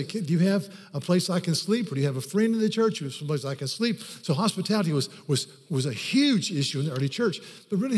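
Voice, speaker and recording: Recorded in an echoing hall, this sermon comes from a male pastor with a slightly high voice and a darkish tone. He tells stories, then presses his points from scripture emphatically.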